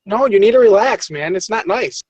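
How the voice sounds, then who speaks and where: High-voiced man mocking in voice chat. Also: animated, moderate pace, darkish tone, dry recording, low-quality recording. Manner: mocking, tells others to relax. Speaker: chat room member. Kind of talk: live voice chat argument.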